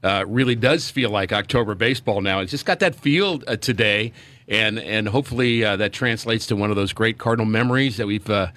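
Middle-aged male ex-player on sports radio, low-pitched, dry studio mic, earnest and halting. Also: fairly bright tone, no room sound. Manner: earnest, many fillers and restarts. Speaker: radio broadcaster and former player. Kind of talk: sports radio pregame chat.

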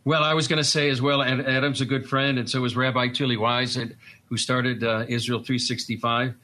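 A man with a Boston accent explaining things earnestly as a guest in a conversational discussion, often pausing on fillers and restarting. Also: mid-range voice, flat delivery, pushed and bright. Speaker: guest commentator.

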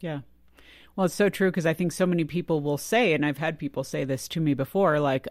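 A man's voice: a little high, steady tone, a little fast, no room sound, clean studio sound. A man co-hosting a roundtable who affirms the others with frequent murmurs of agreement. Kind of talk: roundtable talk.

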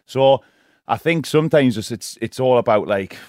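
A man's voice: medium pitch, lively intonation, normal speed, darkish tone, no echo, clean studio sound. A man being interviewed as a guest on a radio show, frank and rambling, often laughing and asking "do you know what I mean". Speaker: guest, professional escort. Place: radio studio.

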